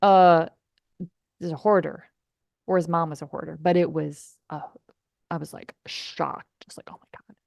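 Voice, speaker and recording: A woman podcast host telling a story in a chatty, animated way, full of fillers. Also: low-pitched, normal speed, gravelly, long pauses, no echo, clean studio sound. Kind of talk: casual storytelling.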